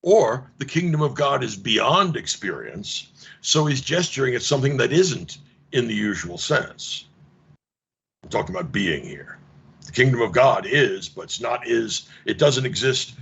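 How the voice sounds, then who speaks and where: A gravelly, husky man leads a casual online seminar, his pitch swinging widely as he acts out little dialogues in mock exasperation. The sound is dull and lo-fi, like a video call. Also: animated, moderate pace, fairly bright tone. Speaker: lecturer.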